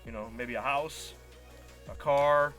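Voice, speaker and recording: A man's voice: mid-range voice, slow pace, a bit bright. A man telling a long, frustrated story in casual live-stream chat as a card break host, acting out quoted dialogue. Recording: faint music behind.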